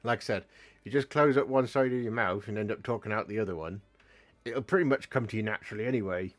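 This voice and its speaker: A man's voice: lowish voice, quick pace. A young man with an English West Country accent, chatting casually on a live stream and answering viewers' questions. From Gloucestershire, England. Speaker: streamer painting miniatures. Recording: faint music behind.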